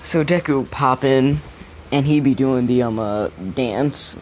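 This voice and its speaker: A man's voice: medium pitch, takes it slowly, noisy background. A young man telling a made-up story in casual chat, loose and slangy, full of fillers and restarts.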